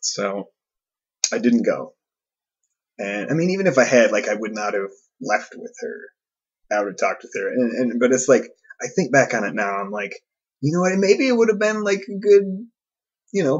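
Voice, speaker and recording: A man's voice: mid-range voice, slightly rough, muffled recording. A man hosting a podcast, telling a casual, self-deprecating story with many fillers and restarts. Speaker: podcast host.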